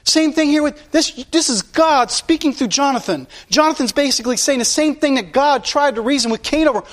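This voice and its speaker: High-voiced, impassioned male pastor. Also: brisk, few pauses. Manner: impassioned, blunt, repetitive. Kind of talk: sermon.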